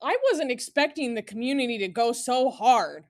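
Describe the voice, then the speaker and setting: A woman's voice: fairly high pitch, expressive, moderate pace. Chatty young woman telling funny anecdotes. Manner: chatty, amused, filler-heavy. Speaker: caller. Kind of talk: casual storytelling.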